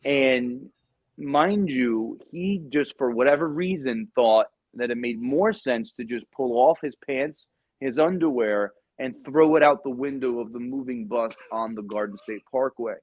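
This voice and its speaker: Animated male storyteller, dry lo-fi sound. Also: medium pitch, a little slow, no room sound. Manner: animated storyteller, acts out shouted quotes. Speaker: podcast guest, Marine veteran. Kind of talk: casual storytelling chat.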